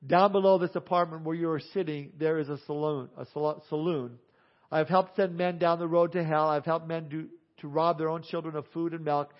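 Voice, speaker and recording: A man's voice: fairly high pitch, steady tone, fairly quick, close to an everyday voice. A preacher acting out a remorseful gambler pleading for hope, his voice raised and emphatic. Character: remorseful grown man, gambler and saloon keeper, pleading. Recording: dull lo-fi sound.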